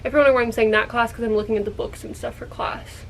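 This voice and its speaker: College-age woman vlogger, chatty and rambling, high voice. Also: fairly even intonation, very fast, a little hiss or hum. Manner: rambling, chatty, laughs when embarrassed. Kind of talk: casual vlog.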